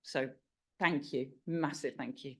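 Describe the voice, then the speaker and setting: A woman's voice: rumbling low, steady tone, measured pace, breathy edge. Woman sponsor speaker at a launch, emphatic and rallying. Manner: emphatic, rallying, repeats key words. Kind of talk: event speech. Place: event room at a launch.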